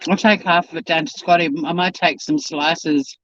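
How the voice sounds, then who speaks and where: Fairly high-pitched and a bit bright, the man speaks at a moderate pace with fairly even intonation and slight background noise. Hosting his YouTube channel, he chats casually while eating on a live-stream, rambling and talking through mouthfuls, all in dull, dry lo-fi audio from a home camera mic.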